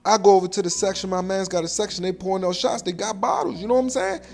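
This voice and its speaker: A comedian telling a slangy, animated comic story about a night out, jumping in and out of the voices of the people in it. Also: mid-range voice, fast talker, vocal fry. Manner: slangy, acts out every voice in the story.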